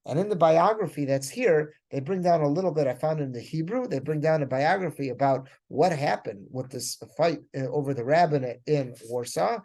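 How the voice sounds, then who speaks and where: Gravelly-voiced rabbi teaching a text. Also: male voice, a little high, normal speed, few pauses, darkish tone. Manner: reads Hebrew phrases, then explains them in casual English. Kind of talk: Torah class, reading and translating a text.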